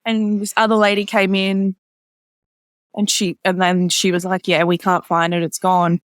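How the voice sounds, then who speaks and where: A woman's voice: level tone, moderate pace, smooth, no room sound, studio quality. A woman guest in casual conversation, telling a personal story with many "like" fillers and quoting others in a lifted voice. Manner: acts out others' lines in a higher voice. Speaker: podcast guest.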